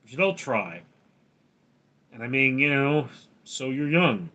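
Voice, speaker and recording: A man's voice: mid-range voice, big pitch swings, measured pace, pushed and bright. A man hosting a livestream, reading viewers' names and questions aloud and answering them with jokes. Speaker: livestream host. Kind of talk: casual livestream chat reading.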